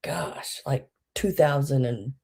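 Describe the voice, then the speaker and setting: Speaking in a deep, unhurried voice, a woman runs a live stream selling vintage goods. Her casual, folksy chat includes greeting viewers by name and slipping into quiet, muttered asides.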